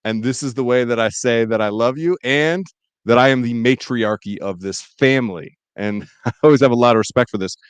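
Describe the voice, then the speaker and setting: Man, podcast host, smooth resonant voice, reflective storyteller, dry close sound. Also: medium pitch, a little fast, dry recording. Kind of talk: casual chat.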